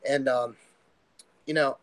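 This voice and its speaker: A man telling a personal testimony as a podcast guest, earnest and rambling, often halting mid-sentence. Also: medium pitch, steady tone, no echo. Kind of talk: casual testimony storytelling.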